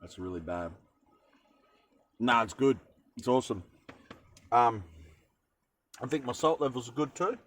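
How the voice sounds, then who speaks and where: A man's voice: medium pitch, normal speed, long pauses, a bit bright, low-quality recording. A young Australian man chatting casually while cooking in a van, rambling with jokey asides. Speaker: cooking vlogger. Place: van kitchen.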